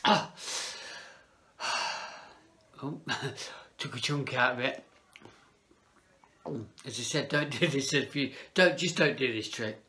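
A man's voice: medium pitch, measured pace, sharp tone, slight background noise. A man, working as a children's entertainer, chatting playfully to kids and a puppet. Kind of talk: children's party entertainer talk.

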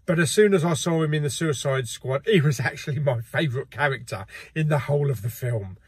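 A man's voice: on the high side, brisk, slightly rough, dry recording. A middle-aged man, hosting a casual video and chatting in a jokey way with frequent laughs. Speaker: host. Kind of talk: casual chat.

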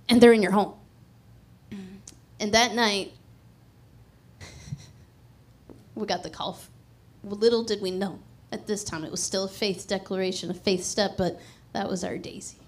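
A middle-aged woman preaching a sermon as personal testimony, telling her story with animated energy, laughing often and acting out the dialogue. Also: mid-range voice, takes it slowly, pauses often.

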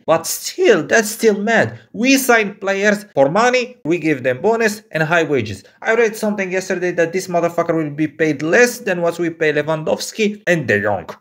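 A man's voice: high-pitched, fairly bright tone. A man in an angry, profane fan rant to camera, exasperated and repeating himself. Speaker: football fan vlogger.

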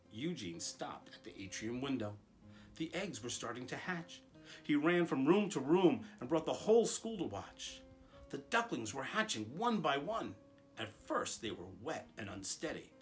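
A school principal with a mid-range voice reads a picture book aloud to children, using a calm, expressive storytelling tone.

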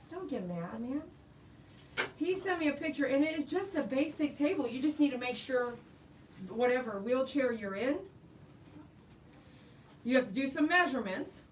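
A middle-aged woman and dog groomer chatting casually while she grooms, telling animated stories and laughing often. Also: a little high, distant mic, slight background noise, low-quality recording. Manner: chatty, animated storytelling with quoted voices.

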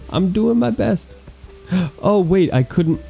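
Guy doing hyped gameplay commentary, super warm dark voice, goofy puns. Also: high-pitched, very slow, gravelly, slightly rough, soft background music. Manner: excitable, gushing, playful puns. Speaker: gaming YouTuber touring an island.

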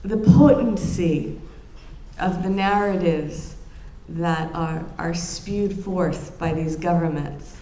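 A low, mellow-voiced woman delivers an academic lecture, earnest and reflective, pausing to restart her phrases as she thinks aloud. Her voice carries through a roomy lecture room with a faint hum of ambience behind it. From United States.

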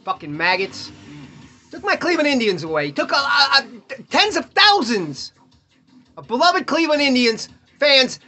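A man's voice: very high voice, sing-song, normal speed, sharp tone, soft background music. A man hosting a podcast, ranting bluntly and profanely in casual talk while opening baseball cards, chuckling often. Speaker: podcast host.

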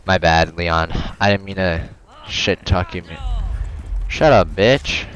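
A man's voice: sits low, takes it slowly, fairly bright tone, dull audio. A man commentating his horror game playthrough, swearing and joking at the screen, yelping when something jumps out. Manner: profane, jokey, reactive, yelps when startled. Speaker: gamer.

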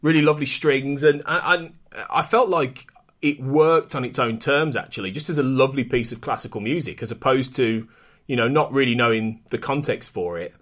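A man co-hosting a podcast, talking about film music in a relaxed, conversational way with a few stammers. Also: mid-range voice, fairly quick. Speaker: podcast co-host. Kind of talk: casual film music discussion.

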